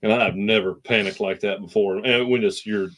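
A man in his young adult years speaks in a fairly low register. He tells stories loosely and with feeling, circling back and restarting his sentences often. It comes across as a relaxed sports talk chat. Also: moderate pace. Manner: rambling, emotional storyteller with many restarts. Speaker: podcast co-host. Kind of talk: casual chat, storytelling.

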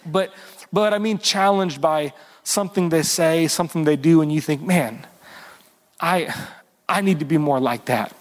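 Male pastor mid-sermon, slightly raised pitch, leans on words and asks the room for amens; long hall echo. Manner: earnest, drawn-out emphasis on key words; asks the congregation for responses. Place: church service.

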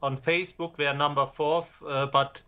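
A man with a German accent calling in to a sports talk show, speaking hesitantly with many pauses. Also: fairly high pitch, flat delivery, clear, resonant tone, dull audio. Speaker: caller.

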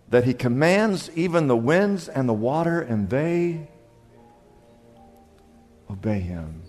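A man preaching a sermon as pastor, with dramatic swings from quiet to loud. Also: very animated, slow pace, pauses often, big-room sound, soft background music. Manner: dramatic preaching with big swings in pitch and volume.

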